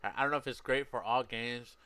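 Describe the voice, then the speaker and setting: A man's voice: medium pitch, a little fast, a little hiss or hum. A man streaming a game, rambling casually to his chat, often stopping to correct himself. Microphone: headset. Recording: racing game audio loud underneath. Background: racing game engine sounds.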